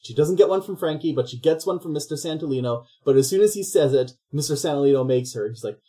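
A podcast host retelling a film plot in a loose, rambling way, stopping often to act out the characters. The voice is mellow and dark, and the pitch sits in the middle range. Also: quick pace, hardly any pauses. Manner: rambling, animated storytelling with voices. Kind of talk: casual comedic film recap.

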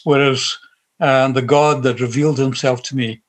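A man's voice: medium pitch, fairly even intonation, normal speed. A middle-aged man with a Glaswegian Scottish accent, telling his personal faith story to an interviewer in an earnest, heartfelt, rambling way. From Scotland. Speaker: guest sharing his faith testimony. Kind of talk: personal testimony in conversation.

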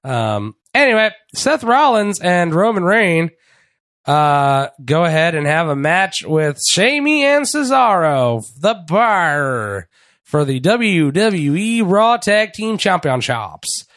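A man's voice: high-pitched, very animated, fairly bright tone, no echo. Brief: male podcast co-host, casual wrestling recap, swears freely, rambles, dry close mic. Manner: profane, rambling, with quick impressions.

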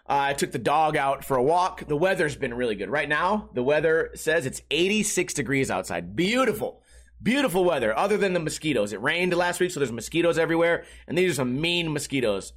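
A young man with a high-pitched voice talks casually on his podcast, slipping into profane, exasperated rants. He keeps up a running storyteller's flow full of swearing and venting. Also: fairly bright tone. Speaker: podcast host.

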